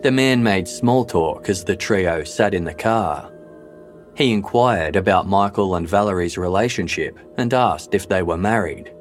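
Deep-voiced man narrating true crime. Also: a little slow. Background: faint background music.

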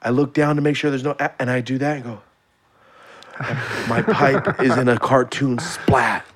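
A man in his late twenties telling a story in casual podcast chat, animated and swearing freely. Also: mid-range voice, normal speed. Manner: animated, swears freely, acts out quoted voices.

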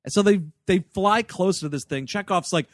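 A man co-hosting a casual movie-review podcast, animated and acting out the characters he quotes. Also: high voice, fairly quick, no room sound, clean studio sound. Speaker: podcast co-host.

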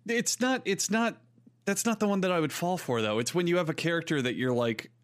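Animated storytelling man, podcast co-host. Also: a little high, brisk. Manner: animated storyteller, acts out movie lines. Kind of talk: casual chat.

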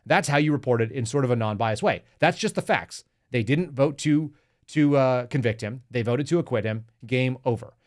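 A Texan man hosts a political commentary podcast, reading news aloud and responding with sarcastic, mocking remarks aimed straight at his listeners. His mid-range voice is a little mellow and moves at normal speed.

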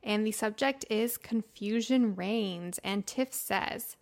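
A young adult woman co-hosting a podcast in casual chat, bubbly and quick to exclaim, who also reads out listener questions. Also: medium pitch. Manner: bubbly, gasps and exclaims, easily excited. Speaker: podcast co-host.

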